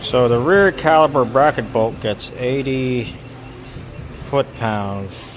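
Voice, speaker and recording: Man mechanic, casual repair walkthrough, mid-pitched, stumbling restarts, faint background noise. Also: takes it slowly. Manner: rambling, repeats words and restarts often. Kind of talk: casual how-to narration while working. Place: auto repair shop.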